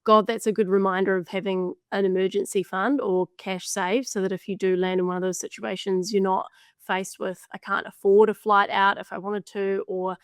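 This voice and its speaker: A woman's voice: mid-range voice, level tone, normal speed, smooth, no room sound, studio quality. A woman co-hosting a podcast, musing in casual chat and hedging her points. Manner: reflective, hedging with "I think" and "like". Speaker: podcast co-host.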